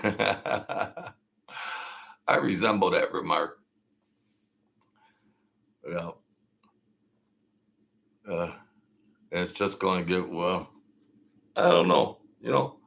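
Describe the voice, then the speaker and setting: A gravelly, low-voiced man in his sixties from Brooklyn hosts a casual late-night livestream. He rambles and restarts, airs strong opinions and reads out viewer names as he goes. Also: bright, forceful tone. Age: 60s. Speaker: livestream host.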